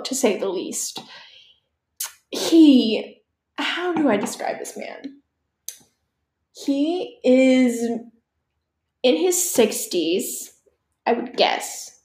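A teenage girl chats casually on her own, rambling, swearing, and tossing in laughing asides. Her voice sits high with a slightly mellow quality, and the room sounds echoey.

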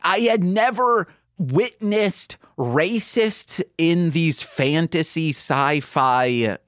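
A man from Michigan co-hosting a podcast in casual chat, animated and jokey. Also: on the high side, drawn-out words, dry recording, studio quality. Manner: animated, jokey, does mocking voices. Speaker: podcast co-host.

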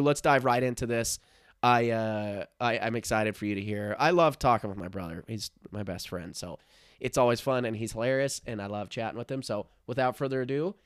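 A man's voice: medium pitch, clean tone, no echo, clean studio sound. A man hosting a sports podcast in a casual, rambling, enthusiastic way, his voice nasal and congested. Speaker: podcast host.

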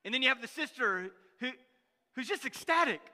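A middle-aged male pastor preaching a sermon, animated, acting out voices and swinging from loud bursts to hushed, soft lines. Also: very high voice, fairly quick, in a large hall. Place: church sanctuary.

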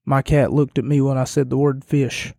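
A man hosting a casual solo podcast, talking in a monotone while losing his voice and sounding hoarse. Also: mid-range voice, normal speed, no room sound, studio quality. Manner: monotone delivery. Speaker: podcast host.

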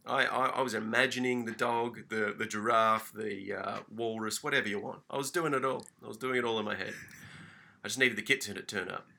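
A man on a casual podcast, telling a story as an animated, mock-furious rant. He swears freely and his tone is very bright and sharp. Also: fairly low pitch, brisk, vocal fry, a little hiss or hum. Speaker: podcast co-host.

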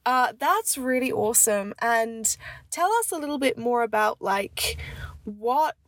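A woman's voice: on the high side, animated, moderate pace, dry recording. A woman hosting a podcast interview, chatting enthusiastically with a stuffed-up, congested voice and frequent "um" fillers. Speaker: podcast host. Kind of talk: casual interview chat.

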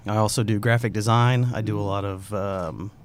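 Hesitant low-voiced man. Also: fairly even intonation. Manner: hesitant, halting, many fillers. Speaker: guest artist. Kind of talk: casual chat.

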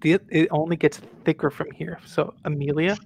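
A man's voice: fairly high pitch, fairly even intonation, normal speed, vocal fry, a little mellow, slight background noise. A man running a role-play game for friends, narrating in a rambling way with lots of fillers. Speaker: game master.

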